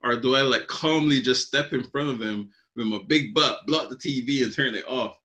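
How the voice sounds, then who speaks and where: A young father co-hosting an anime podcast, telling a story in a relaxed, joking way. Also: medium pitch, moderate pace. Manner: laid-back storyteller, laughing, dramatic asides. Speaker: podcast co-host. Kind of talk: casual chat.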